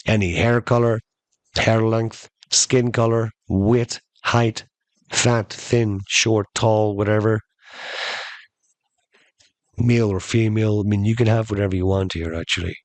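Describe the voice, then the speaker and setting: A man voicing a casual, offhand male genie who talks in an unhurried, matter-of-fact way. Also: lowish voice, fairly even intonation, dry recording. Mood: explaining.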